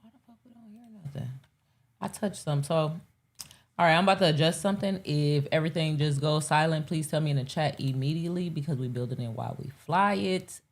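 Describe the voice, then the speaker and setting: Woman host, low voice, casual profane live-stream banter. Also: brisk. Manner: rambling, profane, talks to chat.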